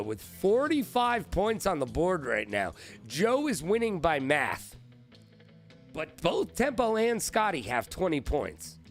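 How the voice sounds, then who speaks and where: A man hosting a live-stream trivia game, excitable and profane, riffing with his chat. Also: fairly high pitch.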